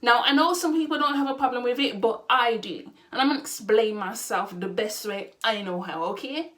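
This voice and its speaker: A young adult vlogger addresses her camera in an indignant opinion rant, pressing her points emphatically and asking the same questions again for effect. She talks fairly quickly in a high, somewhat bright voice.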